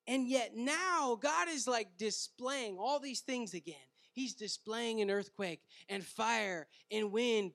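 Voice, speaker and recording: High-voiced preaching pastor, loud then hushed. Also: male voice, gravelly. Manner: dynamic preaching, swinging from loud scripture reading to hushed asides; conversational, with fillers like "right?" and "man". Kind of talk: sermon.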